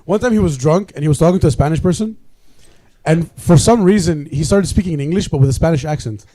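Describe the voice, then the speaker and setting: Quick-talking guy roasting the comics, bit high voice. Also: dark tone. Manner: teasing, wisecracking. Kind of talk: live comedy banter. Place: live comedy show.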